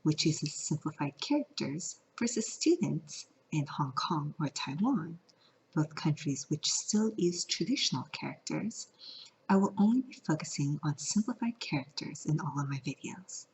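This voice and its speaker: A woman's voice: low-pitched, lively intonation, normal speed, vocal fry, darkish tone, slight background noise. A woman from California teaching a vlog lesson, playful and singing out the example tones. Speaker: Mandarin teacher. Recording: lo-fi audio.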